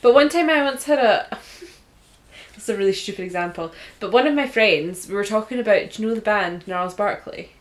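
A woman's voice: medium pitch, normal speed. A young Scottish woman chatting casually on a podcast, sarcastic and sweary. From Scotland. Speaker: podcast co-host. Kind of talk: casual chat.

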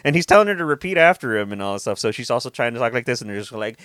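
Podcast co-host: a man with an animated, high voice who laughs and jokes through casual chat. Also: racing, smooth, no echo, clean studio sound. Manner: laughing, joking, swears freely.

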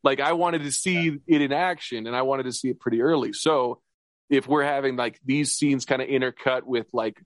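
A man co-hosting a podcast in casual chat, talking in an excited, rambling way with many restarts and laughs. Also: medium pitch, moderate pace, no echo. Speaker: podcast co-host.

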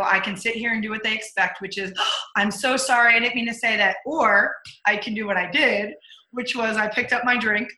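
A woman's voice: mid-range voice, bright, forceful tone. A middle-aged woman, a leadership coach, telling stories from her career in a casual interview and acting out her own inner voice. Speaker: guest, leadership coach and speaker. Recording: echoey room.

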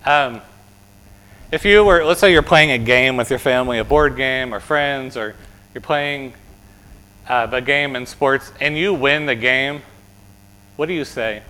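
A man's voice: mid-range voice, unhurried, pauses often, sharp tone, rough recording. A man with an American accent giving a children's sermon as pastor, chatty and asking the kids questions, tagging "right?" onto his points. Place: church sanctuary.

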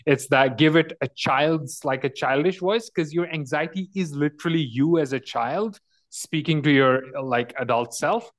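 A man's voice: a little high, moderate pace. A man as a guest on a talk show, explaining a technique thoughtfully with frequent restarts. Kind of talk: casual chat.

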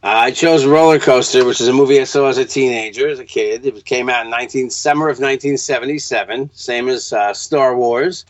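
Long island guy with a new york accent, talks fast and rambles, kinda muffled dry podcast audio. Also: medium pitch, no echo. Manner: chatty, rambling with restarts. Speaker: podcast guest. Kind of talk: casual podcast chat. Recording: dull lo-fi sound.

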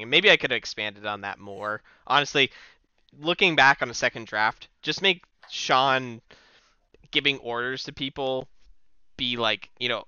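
Rambling man, bright crisp voice. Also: mid-range voice, a little slow, no echo, highs cut off. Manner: rambling, laughing, many fillers. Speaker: podcast co-host. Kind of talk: casual storytelling chat.

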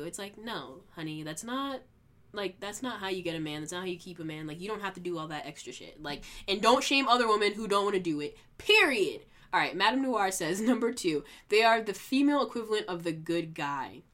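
A young woman hosts a casual podcast and rants with heat and sarcasm. She swears freely and now and then mocks others in a high, put-on voice. Her voice sits in a middle pitch. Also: animated, fairly quick, fairly bright tone. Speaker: podcast host. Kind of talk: casual ranting podcast monologue.

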